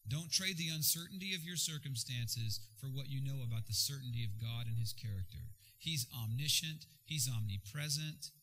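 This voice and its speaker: A man preaching a sermon in an animated, jokey way with sudden bursts of energy. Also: mid-range voice, husky, rough recording. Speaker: pastor.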